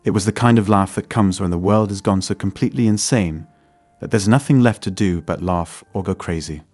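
A man narrating a first-person story in a steady, scripted way. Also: low voice, fairly quick, dry recording, faint music behind.

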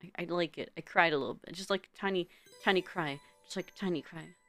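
A woman's voice: fairly low pitch, a little fast, a bit bright, soft background music. A woman streamer chatting casually with her viewers, giggling often and stumbling over repeated words.

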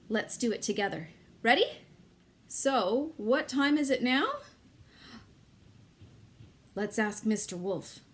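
A woman working as an early childhood educator leads a children's activity lesson, coaxing the young kids in a sing-song voice and inviting them to join in. Her voice sits a little high.

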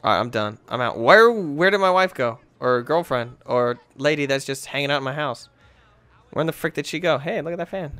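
A little high and brisk, this gamer's voice is clear and resonant, with no echo. He narrates his let's play in a lively, joking manner, chatting to himself about whatever he comes across.

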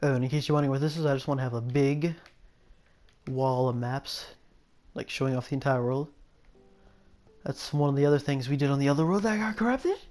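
A man's voice: medium pitch, brisk, long pauses, darkish tone, soft background music. A young man giving casual gameplay commentary, rambling and musing aloud, often stopping and restarting his sentences. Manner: rambling, musing, self-interrupting. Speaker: gameplay video host.

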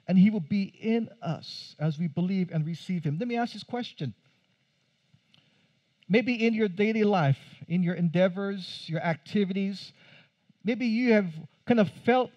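In a church, a pastor delivers a conversational sermon, posing questions to the congregation and adding light humor. His male voice sits high and sounds a little mellow.

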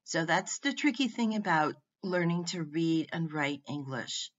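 A woman teaching a phonics lesson, sounding out words one at a time with clear emphasis. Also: deep voice, animated, measured pace. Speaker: reading teacher. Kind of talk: slow, deliberate phonics lesson. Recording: muffled lo-fi recording.

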